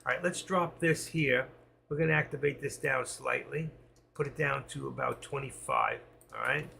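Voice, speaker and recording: A man's voice: medium pitch, normal speed, gravelly, bright, forceful tone, slight background noise. A man giving live trading commentary, thinking aloud and reading out prices as he trades. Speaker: stock trading streamer.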